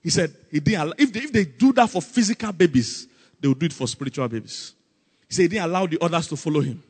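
A man preaching a sermon, animated and calling out questions for the congregation to answer. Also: fairly high pitch, quick pace, husky, big-room sound. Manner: animated, call-and-response with congregation, acts out Bible scenes.

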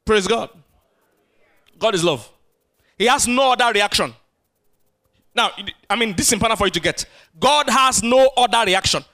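A man preaching with a bright, ringing tone and a voice pitched high for a man. He preaches in an animated way, calling for responses from the congregation and swinging between loud and soft. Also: a little fast. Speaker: pastor. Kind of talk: sermon.

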